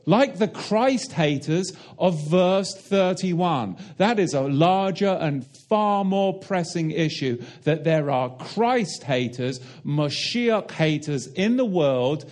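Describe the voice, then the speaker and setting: A man with a slightly high voice preaches a sermon, emphatic and direct, posing rhetorical questions to his listeners and explaining Hebrew and Greek terms.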